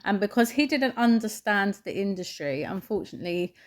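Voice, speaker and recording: A woman, co-hosting a podcast in relaxed, chatty, slangy talk. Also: medium pitch, a little fast. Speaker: podcast co-host. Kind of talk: casual chat.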